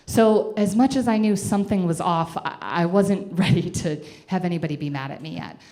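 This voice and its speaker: A woman in her twenties telling a self-deprecating comic story to a live audience, animated and chatty. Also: fairly low pitch, moderate pace.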